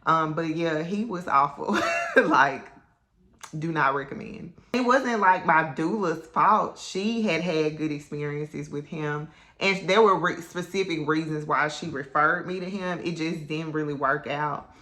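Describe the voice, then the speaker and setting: A woman's voice: low voice, measured pace, bright, forceful tone. A woman telling her own story to camera in a candid, chatty way, with lots of ums and likes. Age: adult mother. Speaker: vlogger. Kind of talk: casual personal storytelling to camera.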